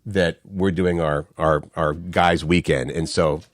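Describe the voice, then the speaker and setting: A man's voice: sits low, fairly even intonation, slow pace, dry recording, clean studio sound. A middle-aged man co-hosting a morning show, telling stories in a rambling way with many restarts. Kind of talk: casual morning-show chat.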